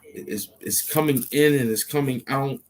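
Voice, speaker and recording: A man's voice: mid-range voice, moderate pace. A man rambling to himself as he thinks aloud, often hesitating, repeating himself and restarting.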